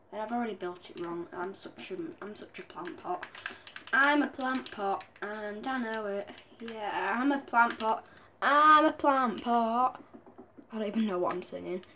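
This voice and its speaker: A woman's voice: mid-range voice, a bit bright, a little hiss or hum. A young woman on a headset mic, rambling through casual game commentary and often breaking into giggles. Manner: giggly, rambling, keeps apologizing for laughing. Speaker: gaming vlogger.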